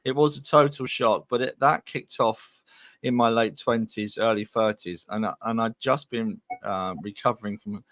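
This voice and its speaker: A man's voice: on the low side, fairly bright tone, no room sound. A man from England, a guest medium, telling his life story in a chatty, rambling way on a video call podcast. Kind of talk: casual podcast interview.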